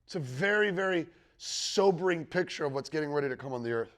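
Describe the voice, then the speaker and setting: A man's voice: on the high side, expressive, quick pace, few pauses, bright, forceful tone. A man teaching the Bible about the end times to a live group, talking conversationally and checking in with his listeners. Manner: conversational, checks in with the room, quotes scripture with rising emphasis. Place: teaching room with a live audience.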